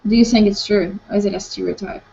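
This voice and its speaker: A Ukrainian woman teaches an online English conversation class, steering it with short prompts and questions. Her medium-pitched voice is fast, creaky, and darkish with fairly even intonation, heard through dull lo-fi call audio.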